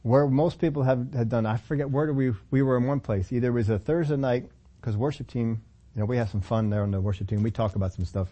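Dark husky male preacher. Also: medium pitch, fairly even intonation, fast talker, lo-fi sound. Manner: emphatic preacher with repeated phrases and acted quotes. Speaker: pastor. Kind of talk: sermon.

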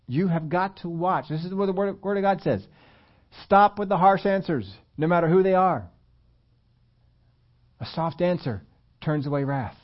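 A man preaching a conversational sermon, at times rising loud and emphatic. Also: high-pitched, normal speed, long pauses, muffled recording. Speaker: pastor.

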